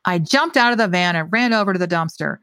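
Woman author reading her story aloud, expressive, dry close mic. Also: fairly low pitch, fast, no echo. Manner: expressive reading, hesitant in chat. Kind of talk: storytelling reading, then casual chat.

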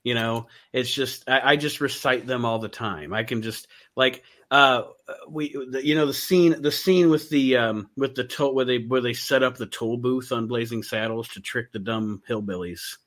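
A man hosting a casual chat about films, animated, often laughing and restarting his sentences. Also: mid-range voice, normal speed, hardly any pauses. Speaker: podcast host.

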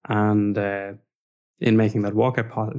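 Animated young man telling stories. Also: on the low side, measured pace, smooth, highs cut off. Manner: animated, humorous, frequent "like" fillers. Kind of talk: casual storytelling conversation.

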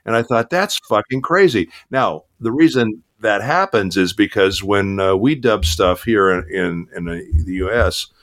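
A man with a lowish voice talks casually in an interview. He tells stories from his voice acting work in a loose, rambling way, full of "uh" and restarts. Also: lively intonation, moderate pace, few pauses, a bit bright. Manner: chatty storyteller with many fillers and restarts. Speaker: voice actor guest.

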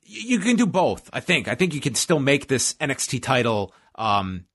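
A man's voice: mid-range voice, very animated, normal speed, a bit bright, slightly rough. A man co-hosting a podcast, casually recapping a show in a rambling, stop-start way with lots of fillers. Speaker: podcast co-host. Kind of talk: casual wrestling recap chat.

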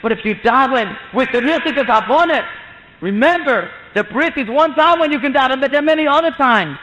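Man, very high voice, storyteller, animated, long hall echo, muffled sound. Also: fairly quick, slight background noise. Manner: animated, acts out quoted voices with rising pitch. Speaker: storyteller, mohel. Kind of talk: telling an inspirational religious story. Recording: muffled lecture in a reverberant hall.

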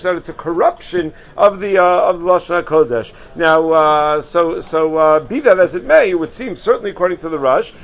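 A man teaching an informal lesson on Jewish law in a conversational way, often pausing with fillers and restarting his sentences. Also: high voice, highs cut off. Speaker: rabbi teaching halacha.

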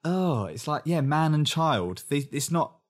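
Young English male co-host, casual and animated, swinging pitch. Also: measured pace. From England. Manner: animated, acts out others' lines in mock voices. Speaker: podcast co-host. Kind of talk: casual chat recapping a reality show.

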